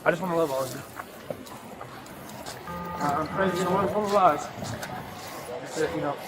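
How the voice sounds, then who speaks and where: A man's voice: a little high, moderate pace, loud music behind the voice. A young man in acute distress, speaking outdoors in an erratic, rambling, profane way, caught on a police body camera. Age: young adult. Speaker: detained subject. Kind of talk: unscripted bodycam speech. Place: outdoors near a beach. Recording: crowd noise in the background.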